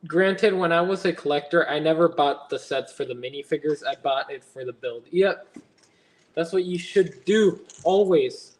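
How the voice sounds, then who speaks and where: A man's voice: a little high, normal speed. A young man hosting a casual livestream while he builds, chatting and rambling as he answers viewers. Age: young adult. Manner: chatty and rambling, reading chat aloud and answering it. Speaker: livestream host.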